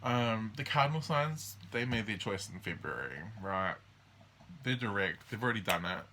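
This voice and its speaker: A man's voice: lowish voice, expressive, noisy background. A man hosting a casual astrology walkthrough, rambling and hesitant with many ums and restarts. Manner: acts out the signs in quick quoted voices. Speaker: astrology host.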